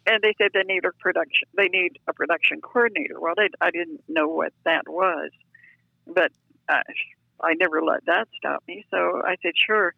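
An older woman telling lively, self-deprecating stories as a guest, heard over a phone line. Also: fairly low pitch, moderate pace, creaky, no room sound. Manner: chatty, self-deprecating, animated. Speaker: guest storyteller. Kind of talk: anecdotal storytelling.

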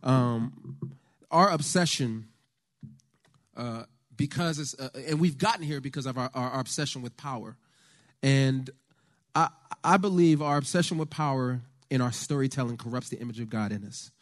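An American man giving a conversational, faith-based talk on politics to a church lunch audience, telling stories with lively asides. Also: mid-range voice, moderate pace. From United States. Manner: animated storyteller, conversational with the audience.

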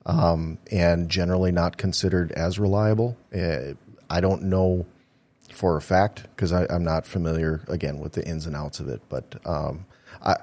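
A man answering interview questions as a polygraph examiner, measured and careful, with many ums and uhs. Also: low voice, darkish tone.

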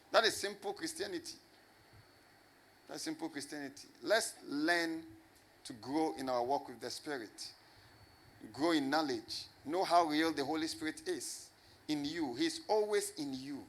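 A man preaching a sermon in a somewhat high voice. He leans hard on repetition and keeps asking the congregation questions. He slows right down to press home key words. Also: a bit bright. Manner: emphatic, repeats phrases and asks the congregation rhetorical questions. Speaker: pastor.

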